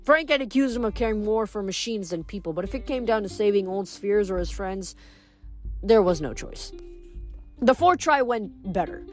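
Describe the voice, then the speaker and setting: A woman reading chapters of a novel aloud in steady storytelling narration. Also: medium pitch, normal speed, faint music behind. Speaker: reader.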